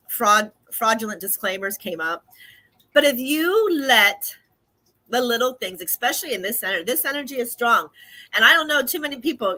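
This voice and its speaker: A woman hosts a casual radio podcast, chatting and laughing often as she greets listeners. Her voice sits somewhat high and rings bright and forceful. She talks freely and warmly to her audience. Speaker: podcast host. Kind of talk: casual talk show monologue.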